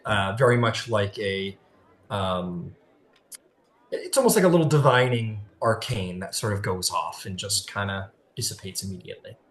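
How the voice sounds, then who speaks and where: A man's voice: on the low side, fairly bright tone. A man narrating as game master of a tabletop game, casual and full of "uh" and "like". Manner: casual, filler-heavy narration.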